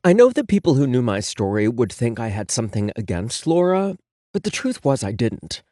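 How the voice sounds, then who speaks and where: A man's voice: medium pitch, dark tone, no room sound, clean studio sound. A man narrating a first-person audiobook in a sassy, sarcastic and profane manner.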